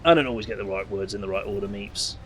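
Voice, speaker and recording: A man's voice: lowish voice, quick pace, soft background music. A man chatting casually while playing a video game, laughing and tripping over names. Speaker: game streamer. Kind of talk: casual let's play commentary.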